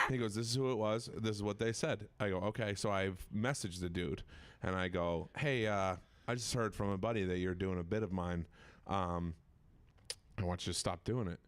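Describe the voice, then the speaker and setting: A man's voice: on the low side, steady tone, fairly quick. A comedian telling a story on a podcast, laughing and swearing as he goes. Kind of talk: casual podcast chat.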